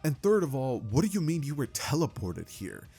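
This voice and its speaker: Man doing a brash woman inventor, blunt, scolding, husky voice, lively pitch, fan storybook. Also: normal speed, faint music behind. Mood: bossy. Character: brash adult woman inventor, bossy but caring.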